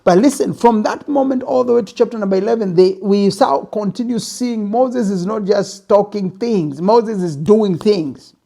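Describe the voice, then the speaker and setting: A man giving a motivational talk on pitching, retelling a Bible story emphatically to make his point. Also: normal speed, creaky, few pauses, dark tone. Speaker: business speaker.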